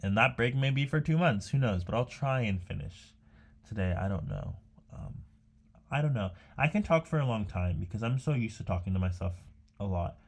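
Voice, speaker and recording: A man's voice: on the low side, animated, moderate pace, creaky. A young man rambling casually to himself while painting, chatty and meandering with many fillers and restarts. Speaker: art vlogger.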